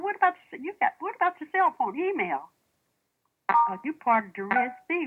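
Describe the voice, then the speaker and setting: This preacher has a high-sitting voice and a moderate pace, heard through phone-quality sound. Her lively sermon includes storytelling, questions aimed at the congregation, and old first-person accounts read aloud as stories.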